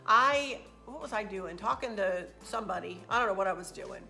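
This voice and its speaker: A woman's voice: mid-range voice, animated, a little fast, gravelly, bright, forceful tone, faint music behind. A woman hosting a casual travel recap vlog, a chatty, rambling storyteller who gets emotional as she talks. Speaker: craft channel host.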